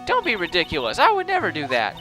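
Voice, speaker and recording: Man voicing an old head nun, put-on southern accent, high, fretful, very lively pitch. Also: quick pace, music in the background. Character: fussy old head nun with a bad back.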